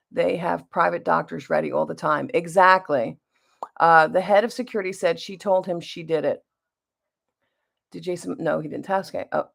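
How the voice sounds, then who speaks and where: A woman's voice: on the low side, creaky. A middle-aged woman chatting casually as she does her makeup and reads viewer comments aloud. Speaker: beauty vlogger. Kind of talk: casual get-ready-with-me chat.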